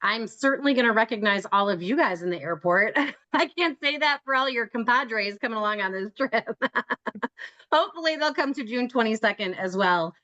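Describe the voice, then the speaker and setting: A woman's voice: a little high, expressive, moderate pace, sharp tone, highs cut off. A woman leading an online trip-planning meeting over a video call, chatty and joking, laughing often as she talks. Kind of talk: casual meeting talk.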